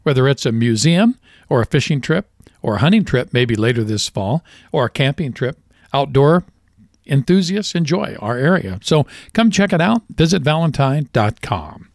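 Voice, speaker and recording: A man's voice: mid-range voice, big pitch swings, normal speed, darkish tone, dry recording, clean studio sound. A man co-hosting a short radio segment, reading a sponsor spot and telling a joke in a folksy way. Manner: folksy storyteller doing character voices in a joke. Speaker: co-host.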